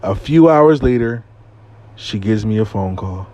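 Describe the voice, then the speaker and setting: A man's voice: lowish voice, measured pace, muffled recording, noisy background. A man hosting a casual storytime, telling it animatedly with frequent swearing and catchphrases. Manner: animated, profane, repeats "I lie to you not". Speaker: host and storyteller.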